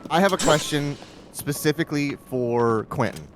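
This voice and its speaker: A man co-hosting a gaming livestream, asking rambling, halting questions full of fillers. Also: a little high, lively intonation, a little hiss or hum. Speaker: co-host on a gaming stream. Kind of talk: casual chat.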